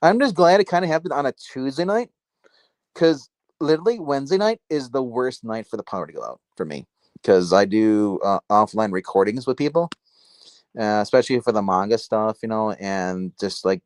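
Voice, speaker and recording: A man chatting casually on a livestream about comics from his dark home, rambling and restarting his sentences. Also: lowish voice, expressive, moderate pace, no room sound. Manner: rambling, self-interrupting, filler-heavy. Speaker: comic book livestream host. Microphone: phone.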